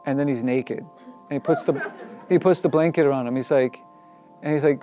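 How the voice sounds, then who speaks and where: A man recounting a story casually, full of "um"s and chuckles. His voice is a little high, and faint music plays underneath. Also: brisk. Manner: laughing often, filler-heavy, animated.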